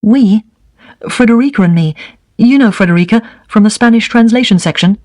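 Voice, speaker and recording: A man's voice: high voice, fairly quick, a little mellow, dry recording, clean studio sound, pitched above the performer's own voice, close to an everyday voice. A man reading the part of a kind, friendly young man with light, eager questioning.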